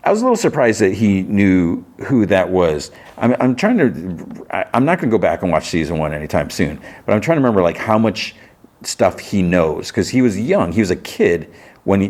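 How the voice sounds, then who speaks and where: A man's voice: low-pitched, darkish tone. A man hosting a podcast, chatting casually as he retells a TV episode in a loose, rambling way. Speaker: podcast host.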